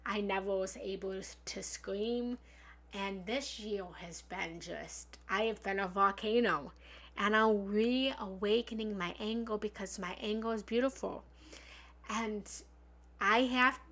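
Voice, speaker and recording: Unhurried and fairly bright, a medium-pitched woman gives an earnest, encouraging self-help talk on a live stream as a spiritual love coach. Speaking from her home office and meditation room, she's frank, occasionally swears, and repeats affirmations.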